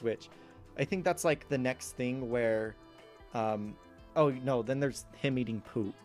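A man's voice: medium pitch, steady tone, normal speed, faint music behind. Rambling, laughing man on a podcast. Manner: rambling, laughs often, restarts sentences. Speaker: podcast co-host. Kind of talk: casual chat recapping a movie.

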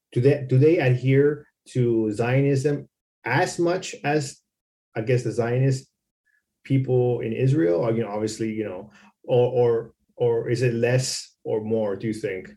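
A man's voice: medium pitch, normal speed, dark tone. A man interviewing, asking a question hesitantly and repeating words.

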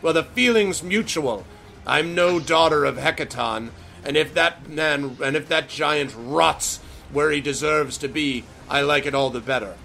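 A man's voice: fairly high pitch, a little slow, gravelly, sharp tone, slight background noise, exaggerated voice. A man voicing a haughty, mocking female giant leader in a tabletop game. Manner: scornful, threatening.

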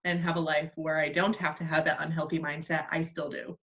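A woman chatting casually as a guest on a podcast, self-deprecating and quick to laugh. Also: deep voice, level tone, fairly bright tone. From United States. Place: Australia. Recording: slightly dull lo-fi sound.

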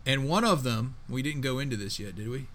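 A man co-hosting a casual sports podcast, talking in an emphatic, excitable way with plenty of slang. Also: medium pitch, brisk, over a noisy crowd. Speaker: podcast co-host.

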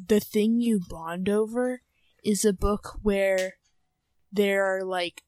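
A young adult woman co-hosting a podcast, chatting casually with lots of fillers and drawn-out phrases. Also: mid-range voice, fairly even intonation, a little mellow, no echo. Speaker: podcast co-host.

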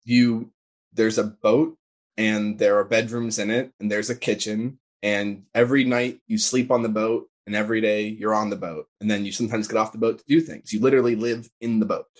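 Young man, podcast guest, casual conversation, chatty, quick, frequent fillers. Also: lowish voice, fairly even intonation.

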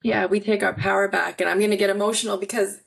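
A woman's voice: mid-range voice, steady tone, fast, gravelly. A woman hosting a podcast, speaking emphatically and outspokenly, with some swearing. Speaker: podcast host. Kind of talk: casual conversational interview.

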